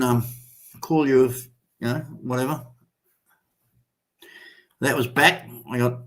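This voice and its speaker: An Australian man in his sixties hosting a live stream in casual chat. He rambles, swears freely and fills with lots of ums. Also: medium pitch. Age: 60s. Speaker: livestream host.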